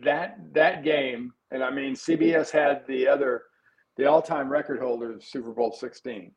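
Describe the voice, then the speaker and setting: Older ex-player guy on sports radio, mid-pitch voice, stops and restarts a lot, laid back. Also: fairly even intonation, rough recording. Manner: halting, many restarts, easygoing. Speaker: former player, guest analyst. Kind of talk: sports talk radio chat.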